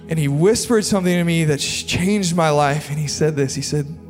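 A man preaching in a slightly higher register, earnest and confessional, his talk loose and full of fillers. His voice rings out with a long hall reverb, and faint music plays underneath. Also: moderate pace, hardly any pauses, darkish tone. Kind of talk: sermon testimony. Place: large hall with an audience.

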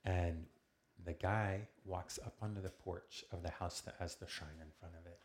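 A man telling a personal story to a small group in a calm, earnest way, acting out the lines of the people in it. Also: low voice, normal speed, a little hiss or hum. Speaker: speaker sharing a testimony with a group.

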